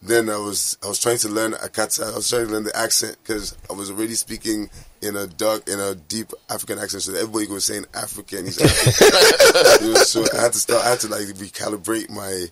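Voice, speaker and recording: Interview guest: Nigerian man, 30s, American-tinged accent, lowish voice, quick, earnest. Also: little pitch movement, background noise. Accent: American-influenced Nigerian English. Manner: reflective, emotional, earnest. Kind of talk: personal interview recollection.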